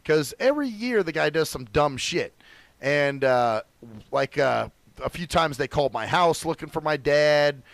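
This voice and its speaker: A young man hosting a radio show, telling stories in a profane, animated, chatty way. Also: a little high, unhurried, vocal fry, no echo. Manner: profane, animated storytelling with acted quotes. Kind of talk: casual chat.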